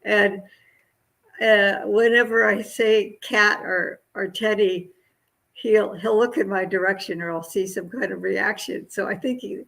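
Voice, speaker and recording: Buddhist nun giving a dharma talk, real slow, bit of fry in her voice, gentle, keeps searching for words. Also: mid-range voice, fairly even intonation, low-quality recording. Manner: hesitant, searching for words, many fillers; gentle, laughs lightly.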